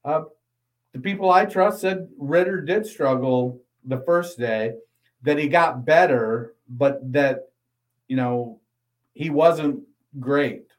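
A man co-hosting a casual football podcast, reading an ad and then giving steady analysis. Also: on the high side, rough recording. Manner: reads ad copy briskly, then analyzes steadily. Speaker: podcast co-host.

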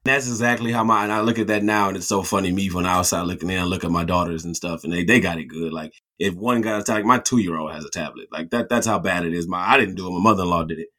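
A man in his thirties co-hosting a casual podcast, telling lively stories and acting out family members' voices. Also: low-pitched, quick pace, hardly any pauses. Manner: animated storyteller, acts out voices of family. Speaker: podcast co-host. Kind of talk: casual chat.

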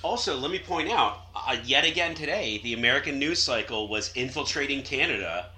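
A man guesting on a podcast, wry and quick with a quip. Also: medium pitch, lively intonation, sharp tone. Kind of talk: casual podcast chat.

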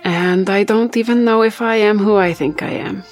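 A woman's voice: mid-range voice, moderate pace, soft background music, lightly acted. A woman voicing a secretive young woman who is unsure of her vampire family, speaking earnestly with formal wording in a tabletop role-play. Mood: confiding.

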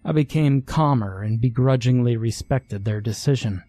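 A man narrating a first-person horror story in a measured, scripted way. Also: medium pitch, dark tone, dry recording, faint music behind.

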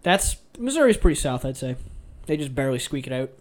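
A man's voice: mid-range voice, very animated, quick pace. A young man from Iowa chatting casually, blunt and opinionated, swearing freely. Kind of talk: casual chat.

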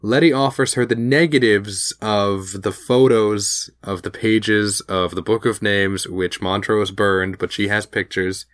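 Low-voiced man recapping a show. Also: fairly even intonation, a little slow, few pauses, dry recording, studio quality. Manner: rambling, full of fillers and restarts. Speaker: podcast co-host. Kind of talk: casual recap chat.

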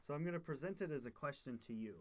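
A man's voice: fairly high pitch, animated, very fast, darkish tone. A man hosting a podcast, asking a guest questions in a casual interview. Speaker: podcast host.

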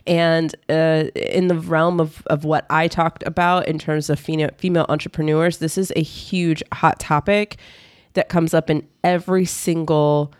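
A young adult woman co-hosting a podcast as a financial coach, animated, often laughing and chiming in. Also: low voice, no room sound, studio quality. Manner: animated and laughing, quick agreeing interjections. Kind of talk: casual podcast chat.

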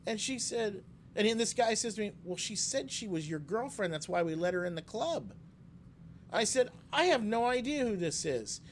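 A man's voice: high voice, normal speed, slight background noise. A man co-hosting a casual chat, telling stories and acting out quotes in a raised voice. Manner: animated storyteller, acts out quotes in a raised voice. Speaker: podcast co-host.

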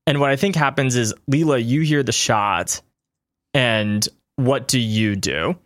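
A man's voice: mid-range voice, a little slow, no echo, studio quality. A man narrating as game master, loose and hesitant, with fillers and light laughs.

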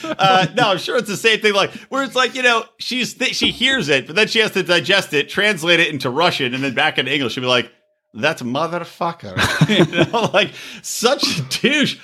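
A podcast co-host riffing crudely and laughing between jokes. His voice sits high and sounds very bright, with a lively, swooping pitch. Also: a little fast. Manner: crude, joking, laughs often. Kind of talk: casual comedic chat.

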